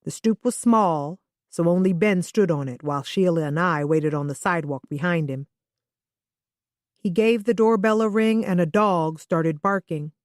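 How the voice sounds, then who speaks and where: A woman narrating a first-person thriller audiobook with steady, even delivery. Her voice sits on the low side for a woman. The recording is dry and close, with no room sound. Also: moderate pace, no echo.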